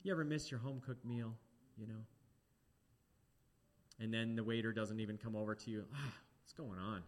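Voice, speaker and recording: A man preaching a sermon, animated and talking straight to the congregation with questions. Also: fairly low pitch, a little fast.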